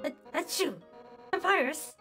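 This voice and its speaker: A woman voicing a loud, proud male skeleton who talks in an indignant, shouty way. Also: very high voice, measured pace, faint music behind, pitched above the performer's own voice, full character voice.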